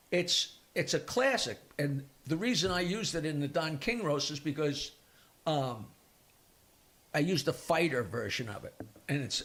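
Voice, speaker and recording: Brief: older comic, high bright voice, animated storyteller. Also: male voice, gravelly. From Long Island, New York. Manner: animated joke-telling storyteller. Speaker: comedian guest. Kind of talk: casual storytelling chat.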